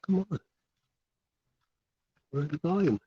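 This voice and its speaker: A man's voice: on the high side, lively intonation, slow. Man, casual vlog, rambling, incredulous, dull sound, faint noise. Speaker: vlogger. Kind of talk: casual chat.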